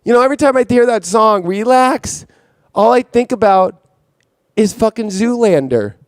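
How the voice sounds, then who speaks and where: A man hosting an impassioned astrology monologue, intense and profane, circling back on his own phrases. His voice sits very high for a man. The sound is dry and close. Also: lively intonation, normal speed, no room sound. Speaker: astrologer host.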